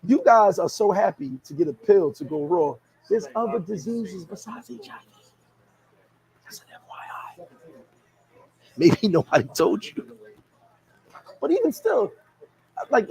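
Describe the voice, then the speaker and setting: A man, chatting casually as a vlogger, reading viewer comments and telling stories in an animated, laughing, slangy way. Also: high voice, moderate pace, vocal fry, poor audio. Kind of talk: casual chat.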